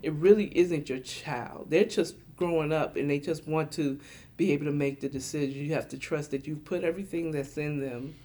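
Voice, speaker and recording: A middle-aged woman, a podcast guest, talking casually and lively, acting out little voices as she tells stories. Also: sits low, normal speed. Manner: animated, acts out voices in quotes. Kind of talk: casual chat.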